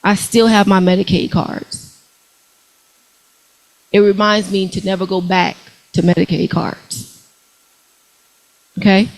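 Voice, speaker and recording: A young adult woman, giving an animated motivational money talk to a live audience, calling out questions to the crowd. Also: mid-range voice, slow pace, creaky, pauses often, rough recording. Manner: animated, preachy, calls out to the crowd. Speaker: workshop speaker.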